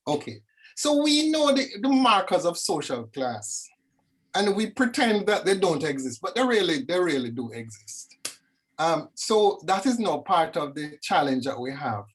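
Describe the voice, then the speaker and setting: A woman from Jamaica, speaking reflectively as a guest over a video call, animated and storytelling. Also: lowish voice, unhurried, breathy edge. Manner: animated, lively storyteller with dramatic asides. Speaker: discussion guest. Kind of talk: reflective conversation.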